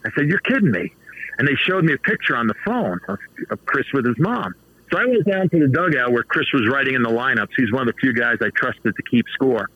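A man in his fifties telling baseball stories as a guest in a casual interview, animated and laughing often. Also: mid-range voice, husky, dry recording, muffled recording. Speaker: author and baseball manager guest.

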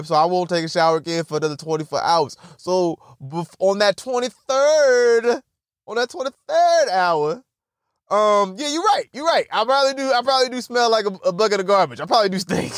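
Here the young man's voice is high-pitched and clean, captured dry in a clean studio. In his casual comedic monologue he tells funny stories, rambles, swears, cracks himself up, and frequently acts out others' voices.

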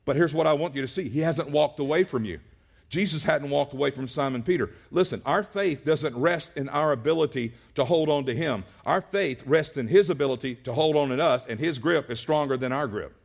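A man's voice: fairly high pitch, a little fast, creaky. A male pastor preaching a sermon at a church service, earnest, often restarting his words.

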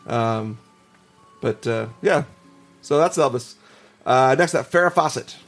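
A man's voice: medium pitch, a little slow, vocal fry, soft background music. A man hosting a casual podcast, reading ghost stories aloud with chuckles and asides. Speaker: podcast host.

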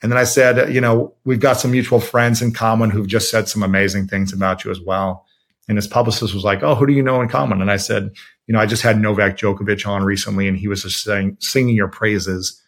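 A man from Ohio telling a story in a relaxed interview, acting out quotes with lots of fillers. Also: on the low side, fairly quick. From Ohio, USA. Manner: animated, quotes himself and others with many fillers. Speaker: podcast host as guest. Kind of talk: conversational storytelling.

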